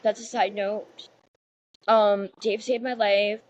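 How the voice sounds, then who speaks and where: A woman with a level, medium-pitched voice co-hosts a podcast, speaking slowly in a casual, rambling chat packed with fillers and acted-out quotes. The recording is rough, with slight background noise.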